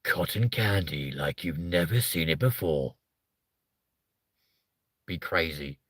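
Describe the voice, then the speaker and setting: A man's voice: lively intonation, unhurried, slightly rough, dry recording. A man hosting a comedic live stream, rambling and swearing as he jokes with his viewers. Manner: sweary, rambling, jokey, slips into silly high voices.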